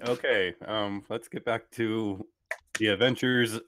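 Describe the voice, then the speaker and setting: A man's voice: lowish voice, fairly even intonation, slow, background noise. A young man playing a tabletop game, joking and laughing often. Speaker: player. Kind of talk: casual tabletop role-play.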